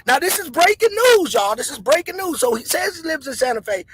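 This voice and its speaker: A man hosting a show, telling stories in an excitable, animated way and talking straight to his viewers. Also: very high voice, quick pace, low-quality recording. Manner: excitable, calls the audience "y'all" and "gang". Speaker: host.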